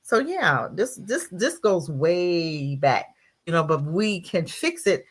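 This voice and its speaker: A woman guest in a casual podcast discussion, animated, often acting out scolding voices. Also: slow pace. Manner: animated, acts out scolding voices high and loud.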